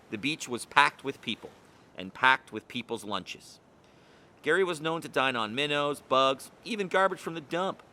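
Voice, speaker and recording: A man narrating a children's picture book. His storytelling is expressive and lively, and his tone has a bright, pointed edge. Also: mid-range voice. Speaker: reader. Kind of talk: picture book read-aloud.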